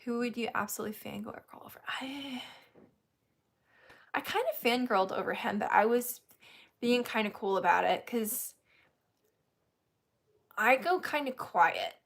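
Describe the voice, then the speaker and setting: A woman host telling a story in casual chat, animated, laughing often and acting out what others said. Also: a little high, unhurried, creaky, long pauses.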